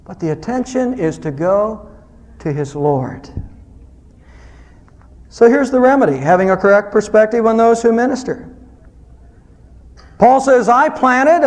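A man preaching a sermon as pastor, earnest, rising to loud emphasis and dropping to soft low asides. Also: in a large hall.

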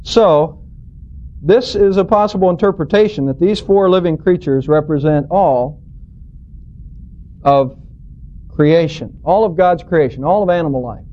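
A man's voice: fairly high pitch, measured pace, pauses often, dark tone. A man preaching a sermon as a pastor, teaching through scripture in an earnest, storytelling, emphatic way. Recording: dull lo-fi recording.

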